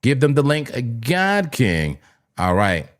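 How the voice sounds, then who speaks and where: A man's voice: medium pitch, huge pitch swings, takes it slowly. A man from New Jersey hosting a live crypto trading stream, talking in a hyped, repetitive, chatty way to his viewers. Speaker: livestream crypto trading host. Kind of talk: casual live-stream commentary.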